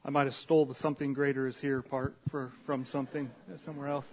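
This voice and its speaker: A pastor giving a casual, conversational sermon, retelling scripture with animated asides and questions to the congregation. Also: male voice, medium pitch, quick pace, a little hiss or hum.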